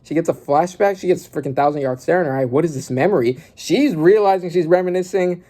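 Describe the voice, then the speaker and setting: A man reading through a manga chapter aloud and reacting, often bursting into loud exclamations and swearing. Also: fairly high pitch, brisk.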